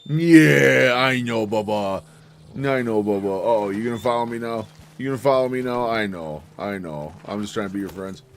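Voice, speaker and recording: A man's voice: fairly low pitch, normal speed, slight background noise. A man casually chatting while he live-streams a video game, loose and profane, breaking into yelps and laughter.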